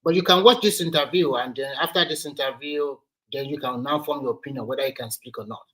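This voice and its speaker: A man's voice: medium pitch, fast, bright, forceful tone, husky, poor audio. A man in an online political discussion, persistently calling others by name to make his point. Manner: persistent, calls people by name. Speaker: panelist.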